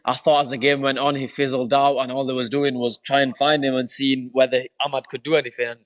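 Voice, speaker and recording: A man's voice: medium pitch, flat delivery, quick pace, a bit bright, no echo. A male football fan speaking as a guest in a subdued, disappointed way.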